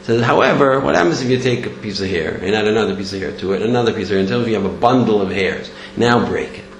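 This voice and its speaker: A man with a lowish voice, quick pace and vocal fry leads a Torah lesson. Animated throughout, he tells stories and acts out their voices. There's echo in the room and a faint hum.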